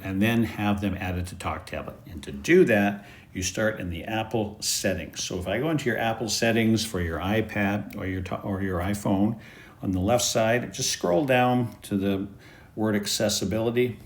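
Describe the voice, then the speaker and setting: Low-voiced man explaining an app. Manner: easygoing step-by-step explaining. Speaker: app presenter. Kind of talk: screen-recorded app tutorial.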